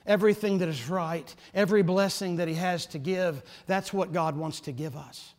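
A man preaching a sermon, his voice pitched high for a man and rising with passion before falling to near-whispers. He sounds like a pastor in a church, with a long reverb trailing each phrase. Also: moderate pace. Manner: passionate preaching, swelling loud then dropping soft.

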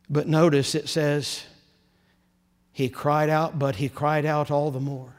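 A male pastor preaching a sermon, swinging between hushed, quiet passages and rising, impassioned build-ups. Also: fairly high pitch, flat delivery, takes it slowly, long reverb tail.

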